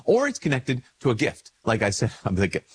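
A man, a priest, talking casually to camera while congested with a cold. He slips into quick little dialogues where his voice lifts. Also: huge pitch swings, husky. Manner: conversational, acts out little dialogues with lifted pitch. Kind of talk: casual spoken reflection to camera.

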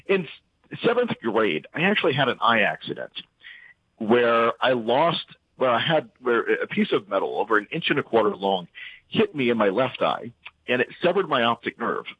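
Casting: middle-aged man, lively, husky, halting delivery over a tinny phone-like line. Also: medium pitch, no echo. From central Louisiana. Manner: animated, halting with restarts and fillers. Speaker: interview guest. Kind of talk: casual faith interview.

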